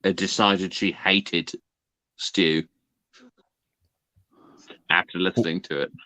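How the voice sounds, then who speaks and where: A man from the North of England, a podcast guest, speaking in a measured, defensive way in casual chat. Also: low-pitched, fairly even intonation, bright, forceful tone, no echo.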